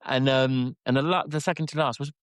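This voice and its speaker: A man's voice: mid-range voice, fairly even intonation, brisk, dry recording, clean studio sound. A man, a rider guest on a podcast, telling his story animatedly, self-deprecating, with lots of restarts. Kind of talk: casual interview chat.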